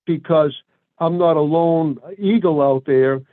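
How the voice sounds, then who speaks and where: A man from Brockton speaks as an attorney before a board, choosing formal words and pausing often on filler sounds. His voice sits fairly high for a man. The sound is dry and squeezed into a narrow, phone-like band. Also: no echo. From Brockton, Massachusetts. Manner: deliberate, formal phrasing with frequent hesitations. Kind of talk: formal public address at a board meeting.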